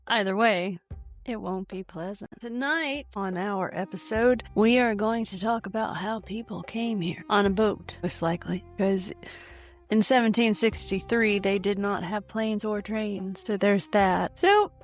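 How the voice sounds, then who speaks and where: A woman's voice: medium pitch, a little slow, soft background music. A woman hosting a casual solo podcast, talking in a wry, irreverent way full of joking asides. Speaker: podcast host.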